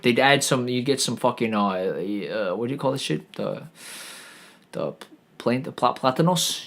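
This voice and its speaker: A podcast host, rambling through a profane solo monologue full of restarts and stammered false starts. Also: male voice, a little high. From New York.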